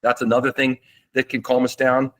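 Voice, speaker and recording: Man teaching calmly in a webinar. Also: medium pitch, a little fast. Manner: relaxed explanatory, with fillers and restarts. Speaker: doctor presenting a webinar. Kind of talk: webinar lecture. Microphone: seated at a desk.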